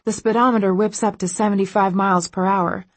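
A woman's voice: medium pitch, fairly even intonation, fairly quick, no room sound. A woman narrating a first-person audiobook, a breathless inner monologue with sudden exclamations.

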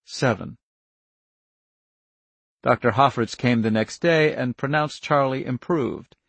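A man narrating an audiobook in a measured, even storytelling manner. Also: medium pitch, vocal fry, breathy edge, no echo. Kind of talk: scripted narration.

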